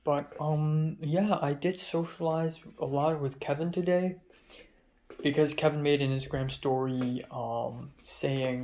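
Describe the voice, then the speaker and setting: A man's voice: fairly high pitch, fairly even intonation, unhurried, dark tone. A young adult man talking casually to camera in a vlog diary, rambling and correcting himself as he tells stories about his day. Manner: rambling, self-correcting storyteller. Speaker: vlogger.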